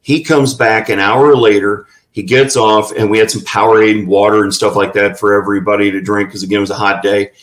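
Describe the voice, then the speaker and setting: A man's voice: fairly low pitch, little pitch movement, a little fast, hardly any pauses, poor audio. A man telling folksy anecdotes in a casual interview, with plenty of fillers. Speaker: ranch representative.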